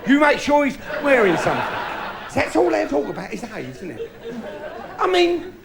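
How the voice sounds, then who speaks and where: A middle-aged man tells bawdy tales on stage, his voice high and gravelly with a lively, swooping delivery. The live recording is noisy, with a loud crowd laughing all around. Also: moderate pace. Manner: bawdy, cheeky, storytelling with punchlines. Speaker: stand-up comedian. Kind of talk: stand-up comedy routine. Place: theatre stage before a live audience.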